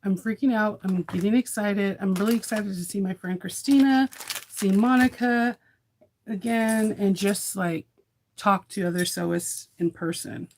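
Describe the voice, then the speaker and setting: A woman's voice: mid-range voice, a little slow, a little mellow, slight background noise. A woman chatting casually in a morning sewing vlog, upbeat and rambling with fillers. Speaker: sewing vlogger.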